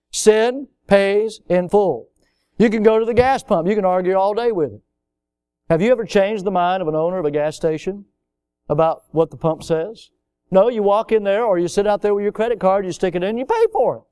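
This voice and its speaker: A man preaching with a high, smooth, resonant voice, recorded dry and close. He presses his points hard, repeating phrases and dropping from loud bursts to hushed, low lines. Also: dry recording. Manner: emphatic, repetitive, swings from loud to hushed. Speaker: pastor. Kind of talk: sermon.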